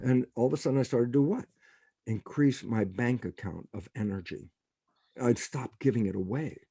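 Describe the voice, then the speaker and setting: A man's voice: medium pitch, moderate pace, creaky, husky, no room sound. An older man, a scientist guest in a podcast interview, telling stories and acting out the lines of people in them. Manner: animated storyteller, acts out quotes.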